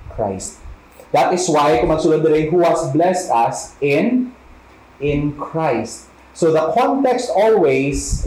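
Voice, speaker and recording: Filipino-accented male preacher, fairly high voice, bible teaching, step-by-step explaining, echoey room. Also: a little mellow, a little hiss or hum. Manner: explains word by word, asks and answers his own questions.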